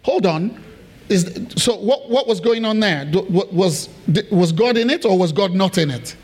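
High-voiced preacher man, emphatic. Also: expressive, a little slow, a little mellow, slightly rough. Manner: emphatic and repetitive, asks the congregation questions. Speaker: pastor. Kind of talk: sermon.

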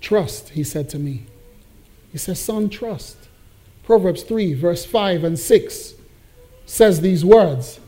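A man's voice: high-pitched, expressive, slow, warm tone. A male pastor preaching a sermon to his congregation, emphatic and building in force on key phrases.

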